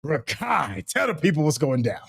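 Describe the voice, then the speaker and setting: A man's voice: on the high side, very animated, normal speed, creaky, a bit bright, husky, no echo. A man hosting a casual livestream, talking straight to his viewers in a hyped, slangy way. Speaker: livestream host.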